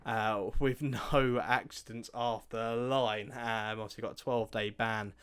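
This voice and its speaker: A man's voice: fairly low pitch, steady tone, measured pace, a bit bright, smooth. A man co-hosting a racing tips show, talking casually with frequent ums and restarts. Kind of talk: casual chat.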